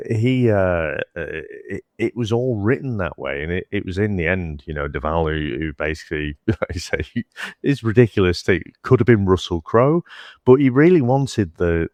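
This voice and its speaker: A man's voice: deep voice, dry recording. A man co-hosting a casual film review chat, rambling and interrupting himself often, laughing easily as he talks. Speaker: podcast co-host.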